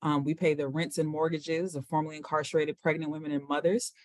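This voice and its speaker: A woman's voice: sits low, fast talker, no room sound. Southern louisiana woman on a panel call, folksy and upbeat, dry sound. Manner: lively, folksy, laughs easily. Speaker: panelist, nonprofit founder.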